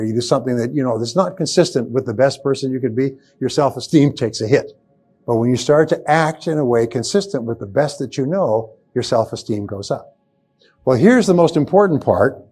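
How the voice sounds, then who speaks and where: A man's voice: mid-range voice, a little mellow. Emphatic older man giving a seminar. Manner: emphatic, repetitive, rising to punchy exclamations. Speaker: motivational speaker. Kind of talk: live seminar lecture. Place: seminar hall with a live audience.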